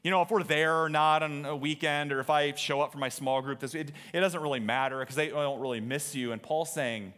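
A man's voice: on the high side, steady tone, fairly quick, hardly any pauses, fairly bright tone. A man preaching a sermon from a church stage, talking in a conversational, joking way and quizzing the congregation. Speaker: pastor.

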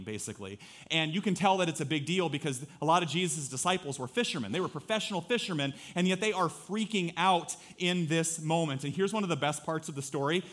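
With a slightly high voice, a pastor in his thirties delivers a chatty, animated sermon. Along the way he acts out little quotes from his family and the people listening.

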